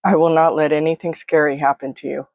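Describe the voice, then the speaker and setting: A woman voicing a father who talks to his scared daughter in a gentle, soft, reassuring way. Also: low-pitched, level tone, fairly quick, no room sound, lo-fi sound. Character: calm, tender father comforting his daughter.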